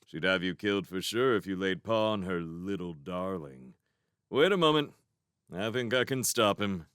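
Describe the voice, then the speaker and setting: A man's voice: low-pitched, expressive, normal speed, a bit bright, clear, resonant tone, dry recording, clean studio sound. A man voicing a good-natured, slightly foolish male hedgehog in a storybook, talking in a friendly, disarming way. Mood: warning.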